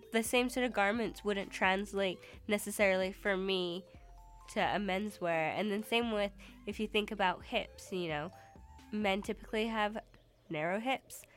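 A young woman co-hosting a radio show in a studio, chatting casually and thinking aloud with small restarts. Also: medium pitch. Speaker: radio co-host.

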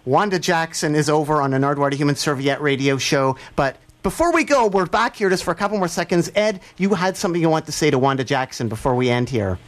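A man hosting a live radio interview show, talking in an excitable way with sudden jumps in pitch. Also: fast, few pauses.

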